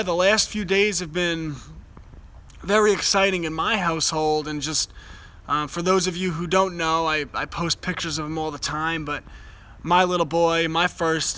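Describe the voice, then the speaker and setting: Bright-voiced, earnest young man. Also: fairly high pitch, steady tone, measured pace, clear, resonant tone, rough recording. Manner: earnest and enthusiastic, with many restarts. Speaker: host. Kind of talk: casual live chat. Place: outdoors by a fire.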